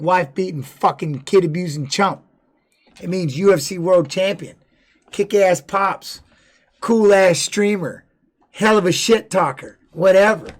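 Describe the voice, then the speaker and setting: A man with a high voice talks on a livestream in a loose, rambling way, swearing freely. He shifts between commenting on a fight and telling candid stories from his own life. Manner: candid personal storytelling. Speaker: streamer and former fighter. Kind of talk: casual livestream chat.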